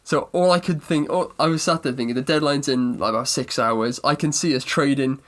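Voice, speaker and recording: A man's voice: medium pitch, a little fast, a bit bright. Rambling man chatting basketball. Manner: rambling, self-correcting, playfully mock-serious. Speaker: podcast co-host. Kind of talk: casual sports chat.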